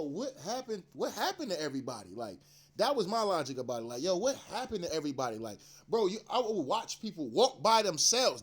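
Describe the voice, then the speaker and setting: A man with a fairly high voice talks straight to his audience in a loose, profane rant. He rambles, restarts his sentences and leans hard on slang and emphasis. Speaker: commentary channel host. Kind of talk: casual profane rant to camera.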